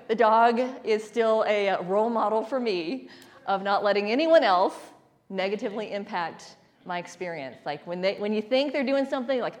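Leading a spiritual talk with call-and-response, a woman tells stories playfully to her congregation and laughs often. Her voice is medium in pitch and moves at a normal speed.

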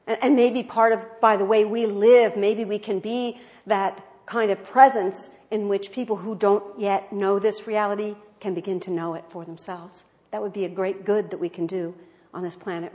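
A woman minister giving a sermon, telling stories and swinging from loud exclamations to hushed tones. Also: mid-range voice.

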